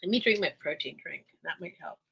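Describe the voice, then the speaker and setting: A woman's voice: lowish voice, expressive, a little fast, gravelly, fairly bright tone, slight background noise, low-quality recording. A woman hosting a casual live-stream sale, chatty and rambling, laughing often while recovering from being unwell.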